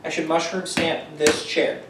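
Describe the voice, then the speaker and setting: A man's voice: a little high, flat delivery, measured pace. Joking, swearing man with a raised voice. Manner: joking, swearing, laughs often. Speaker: podcast co-host. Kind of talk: casual gaming podcast chat. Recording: echoey room, distant mic, faint noise.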